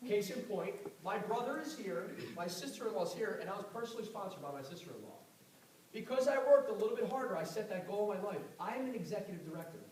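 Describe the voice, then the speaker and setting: A man giving a fast, animated motivational talk on network marketing to a live audience, telling stories with a confrontational edge. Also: sits high. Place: event hall with audience. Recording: echoey room, far mic, audible noise.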